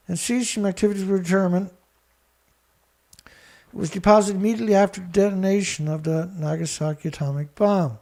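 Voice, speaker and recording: A man hosting a show, reading research text aloud haltingly and breaking in with scornful remarks to an absent critic. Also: high-pitched, vocal fry, mellow. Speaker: show host. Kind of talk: reading documents aloud with commentary.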